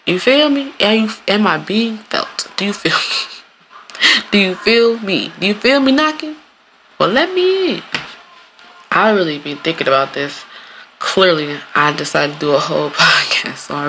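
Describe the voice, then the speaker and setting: A podcast host in a casual solo monologue, animated and swearing freely, often laughing and acting out quoted lines in playful voices. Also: medium pitch, normal speed, a little hiss or hum.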